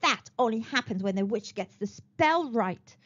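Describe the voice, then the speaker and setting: Cheerful pig prince from a storybook, slow and pleased, high lively voice, a woman voicing him. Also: dull audio.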